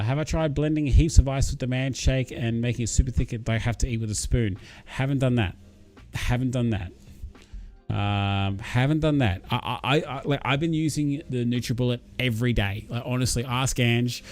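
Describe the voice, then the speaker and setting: A man's voice: medium pitch, moderate pace, a little mellow, faint music behind. A man hosting a casual livestream, reading viewer comments aloud and cheering viewers on. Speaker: livestream host. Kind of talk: casual live-chat stream.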